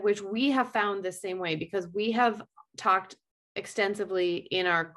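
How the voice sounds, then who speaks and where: Woman, 40s, earnest rambling conversationalist, mid-pitched. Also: a bit bright. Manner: earnest, rambling with frequent "like" and restarts. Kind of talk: casual conversational chat.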